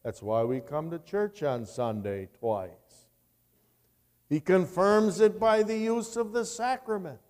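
Pastor, male, slow and emphatic sermon delivery, mellow tone, church hall reverb. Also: high-pitched. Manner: slow, emphatic preaching with dramatic rises.

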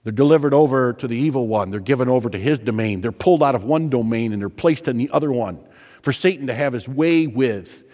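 Emphatic preacher in a reverberant church. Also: male voice, medium pitch, fairly quick. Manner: emphatic, repeats phrases for stress, swings between loud and hushed. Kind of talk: sermon.

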